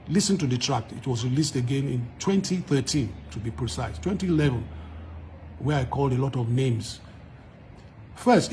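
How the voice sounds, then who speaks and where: A man's voice: on the high side, breathy edge. A man from Nigeria with a Nigerian accent, a musician giving an emphatic statement straight to camera. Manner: emphatic, quotes others in lively bursts.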